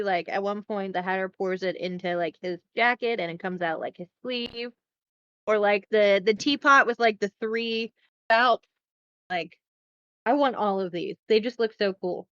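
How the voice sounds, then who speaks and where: Woman, podcast host, casual recap, profane and chatty, smooth voice, slightly dull close mic. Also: mid-range voice, dry recording. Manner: chatty, profane, animated retelling.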